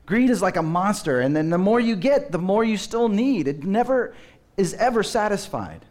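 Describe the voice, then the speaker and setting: A man's voice: high-pitched, lively intonation, moderate pace, darkish tone. A man preaching a sermon as pastor, telling stories with humor and acting out children's voices.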